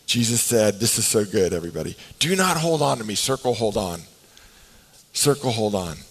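Expressive man preaching a sermon. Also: fairly low pitch, moderate pace, breathy edge, rough recording. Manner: expressive, swings between hushed and emphatic delivery; acts out scripture voices. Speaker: pastor.

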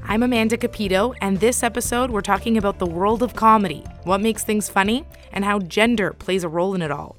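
A woman hosting a podcast, reading a scripted narration in a clear, measured way. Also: medium pitch, a bit bright, faint music behind. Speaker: podcast host.

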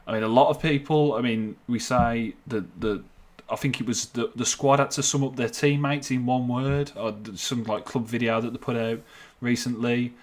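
A man chats casually about football on a podcast, his voice sitting at an ordinary middle pitch. He talks in a halting way, restarting his sentences and pausing often. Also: fairly even intonation. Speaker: football reporter.

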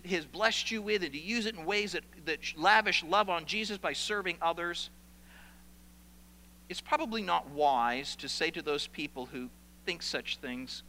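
A man's voice: high-pitched, pushed and bright, in a large hall, rough recording. A man preaching a sermon as pastor, animatedly acting out the complaints of church members.

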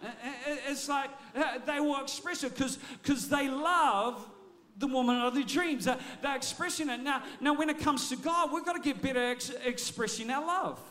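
A man with a high-pitched voice preaches a sermon. He talks with energy and often doubles back on his words as he restarts a phrase. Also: normal speed, bright, forceful tone. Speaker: pastor.

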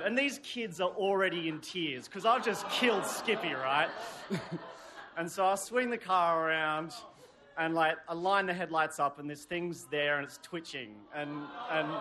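Man, live stage storytelling, bright higher voice, rambling, wry. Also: slight background noise. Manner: rambling, many "sort of" fillers, wry humor. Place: stage before a live audience.

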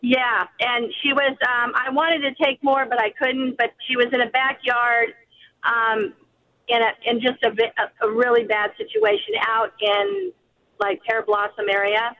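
A woman calling in to a radio show, talking in a halting way with many pauses and fillers. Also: on the high side. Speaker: caller. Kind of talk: call-in radio conversation. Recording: dull phone-line audio.

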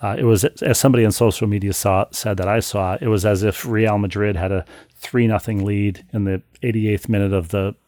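On a close studio mic with a dry recording, a man co-hosting a podcast reads out listener mail before telling a story. He delivers it wryly and animatedly, with frequent restarts, in a fairly low voice at a fairly quick clip.

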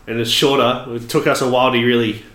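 A man's voice: medium pitch, level tone, fast, a crowd in the background. An Australian man co-hosting a podcast, ranting with sarcasm in casual chat. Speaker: podcast co-host. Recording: echoey room.

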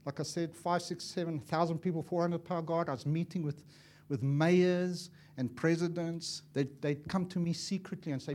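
A man preaching a sermon as an evangelist, impassioned and swinging from loud to hushed, acting out little dialogues as he tells stories. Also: a little high, fairly even intonation, normal speed, hardly any pauses. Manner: acts out dialogue in storytelling.

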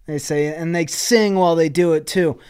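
A man co-hosting a comedy podcast in a studio, improvising a silly gang story with laughs and quick asides. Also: fairly high pitch, fairly even intonation, darkish tone, smooth. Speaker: podcast co-host. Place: podcast studio, hot room. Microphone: studio microphone.

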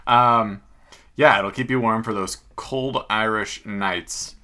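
Man, podcast co-host, bright voice, lowish pitch, upbeat, jokey. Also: fairly even intonation, slow pace. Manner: upbeat, jokey, asks questions. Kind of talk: casual chat.

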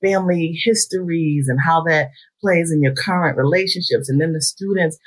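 A middle-aged woman guesting on a radio talk show, her voice low and husky. She talks warmly and with real enthusiasm about her work. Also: normal speed. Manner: warm, enthusiastic, expressive talker. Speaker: psychologist guest.

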